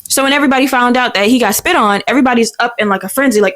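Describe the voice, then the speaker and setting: A young woman in her twenties hosting a podcast, telling a story in a profane, exasperated, animated way. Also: fairly high pitch, very fast. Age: 20s. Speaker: podcast host. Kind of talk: casual storytelling rant.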